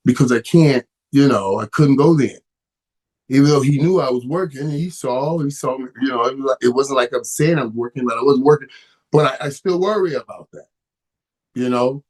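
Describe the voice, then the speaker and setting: A middle-aged man hosts a live stream in a loose, conversational way. He stumbles over his words and doubles back on them, and he grows passionate and heated as he goes. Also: medium pitch. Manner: stammering, repeats words, gets emotional and heated. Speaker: host. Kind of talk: casual live-stream talk.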